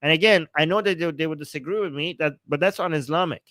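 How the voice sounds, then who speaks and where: A man from Iran speaks English, hosting a live political stream and reacting to the chat with sarcasm and quick laughs. His voice sits a little high for a man. The sound is dry and close to the mic. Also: no echo. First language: Persian. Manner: animated, sarcastic, laughs often, reads chat aloud. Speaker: political commentator and livestream host.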